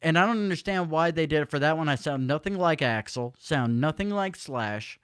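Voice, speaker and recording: A man's voice: fairly high pitch, expressive, normal speed, fairly bright tone, clean tone, no room sound, clean studio sound. Male host, light upper-register voice, agreeable and laughing easily. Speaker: interview host. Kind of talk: casual live-stream interview.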